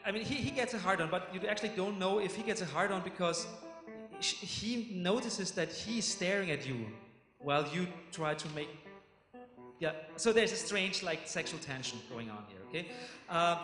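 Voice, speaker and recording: A man with a high voice narrates as game master, animated and full of fillers. He is heard in a roomy conference hall with long reverb. Music plays clearly behind him. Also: normal speed.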